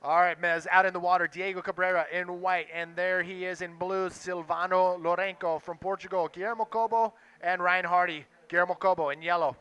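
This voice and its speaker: Excitable male play-by-play caller, bright high-set voice. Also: clear, resonant tone, muffled recording. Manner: excitable, quick bursts over action. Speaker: play-by-play commentator. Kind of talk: live sports commentary.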